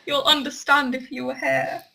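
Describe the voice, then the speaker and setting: A woman's voice: high voice, level tone, moderate pace, creaky, sharp tone, rough recording. A young woman chatting as a podcast co-host, giggly and rambling, swearing casually. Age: young adult. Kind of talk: casual chat.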